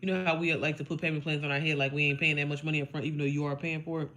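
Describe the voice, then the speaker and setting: A woman's voice: low-pitched, fairly even intonation, racing, fairly bright tone. A young woman from Indiana giving a blunt, profane, emphatic motivational talk to her followers, chatty and full of fillers. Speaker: online business coach.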